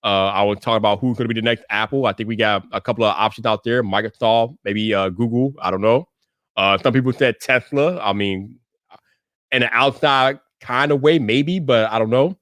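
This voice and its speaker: A man hosting a tech livestream in casual chat, slangy and emphatic, repeating himself and breaking into loud hype. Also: mid-range voice, brisk, no room sound. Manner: bursts into loud hype shouting.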